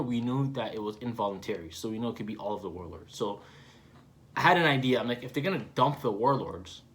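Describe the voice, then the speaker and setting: A man hosting a live comic read-along, breaking off to ramble through excited fan theories. His voice sits at an ordinary middle pitch, and he talks in long, loose run-ons. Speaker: manga reaction host.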